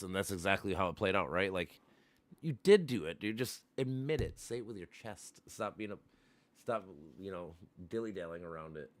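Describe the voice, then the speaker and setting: A man's voice: lowish voice, no echo. A man hosting a livestream, casually and profanely retelling an argument and acting out both sides. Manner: profane, animated, acts out both sides of a debate. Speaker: livestream host.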